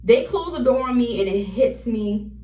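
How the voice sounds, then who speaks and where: A woman's voice: fairly high pitch, animated, moderate pace, warm tone, recorded from a distance. A woman vlogger candidly retelling a personal story to camera, repeating key phrases as she goes. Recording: roomy, from off the mic.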